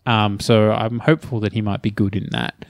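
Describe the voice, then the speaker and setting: A man's voice: fairly low pitch, flat delivery, moderate pace, gravelly, no room sound, clean studio sound. A man hosting a casual podcast chat, laughing often and hedging with fillers. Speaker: podcast host.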